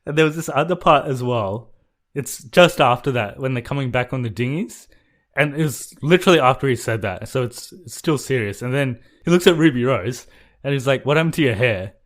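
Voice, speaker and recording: A man's voice: medium pitch, animated, brisk. A man co-hosting a podcast, giving blunt, critical opinions in casual movie review chat. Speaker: podcast co-host.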